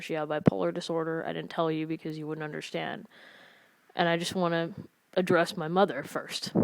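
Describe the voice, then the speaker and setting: A young woman speaking in a personal confessional vlog, halting and emotional, recorded close in a dry room. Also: low voice, no room sound. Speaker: vlogger.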